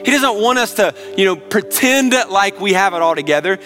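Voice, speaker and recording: A man's voice: high voice, expressive, moderate pace, a bit bright, faint music behind. A man preaching a sermon as pastor, earnest, with rhetorical questions and repeated calls to listen.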